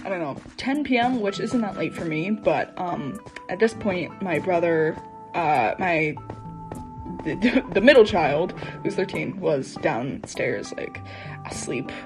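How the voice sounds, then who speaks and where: A young woman in her late teens chatting casually and excitedly, rambling with lots of fillers. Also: fairly low pitch, takes it slowly, poor audio. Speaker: vlogger. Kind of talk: casual chat over gameplay. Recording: background music playing. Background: background music.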